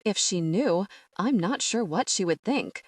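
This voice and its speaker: A woman's voice: medium pitch, lively intonation, a little slow, no echo, studio quality. A woman reading as an earnest young queen. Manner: earnest, pressing.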